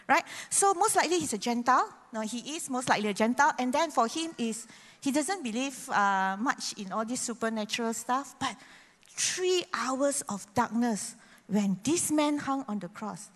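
A woman preacher, giving a sermon and acting out quoted voices with sudden loud bursts. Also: a little high, lively intonation, moderate pace. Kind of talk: sermon with prayer. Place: church hall. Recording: long hall reverb.

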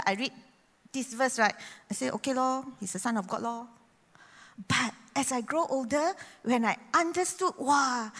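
A woman preacher, giving a sermon and acting out quoted voices with sudden loud bursts. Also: high voice. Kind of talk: sermon with prayer. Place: church hall. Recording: long hall reverb.

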